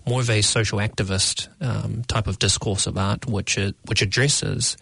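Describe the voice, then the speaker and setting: A young man speaks as an interview guest, pausing to find his words. His voice sits fairly low and has a gravelly, creaky texture. The sound is close and dry. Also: steady tone, a bit bright, no echo. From New Zealand. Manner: measured, thoughtful, searching for words. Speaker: guest artist. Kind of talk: interview answers.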